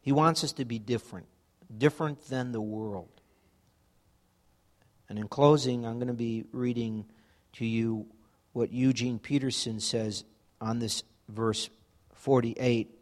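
A man's voice: medium pitch, fairly even intonation, unhurried, long pauses. A man preaching a sermon in a conversational way, acting out everyday examples. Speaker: pastor.

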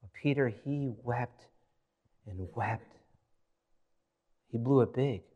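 A male pastor delivers a sermon in a mid-pitched voice. He reads passages of scripture with rising, dramatic emphasis and settles into a plain, earnest tone between them. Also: slow, warm tone, lo-fi sound.

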